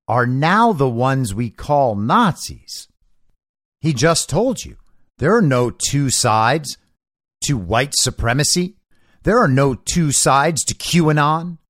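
A man's voice: fairly high pitch, no echo, studio quality. A man hosting a political commentary show, delivering an opinionated monologue in a sarcastic, mocking manner.

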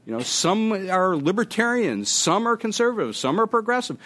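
Man, panel speaker, conference talk, animated, joking storyteller, lively swinging pitch. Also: normal speed.

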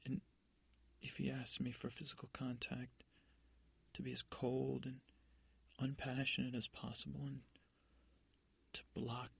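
A man voicing a frightened young princess who pleads through tears in a breathy, whispery way. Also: mid-range voice, monotone, a little slow, long pauses, full character voice. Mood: tearful pleading.

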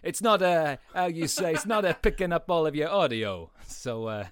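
A man's voice: on the high side, very animated, moderate pace. A man voicing a giggly mob boss with a hammy accent in improvised comedy role-play, over an online call. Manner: giggly, breaks into laughter. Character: mob boss narrator Antonio, genial and giggly.

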